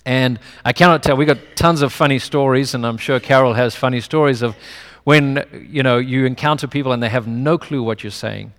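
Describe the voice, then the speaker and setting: A male pastor with a non-American English accent delivers a conversational sermon packed with personal stories. His voice is mid-range and fairly quick, and the recording carries a long hall reverb.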